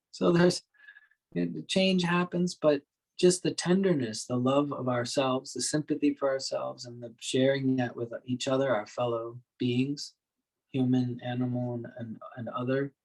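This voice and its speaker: A man giving a dharma talk to his workshop group as a meditation teacher, speaking in a gentle, reflective way with soft laughs. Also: medium pitch, steady tone, measured pace, poor audio.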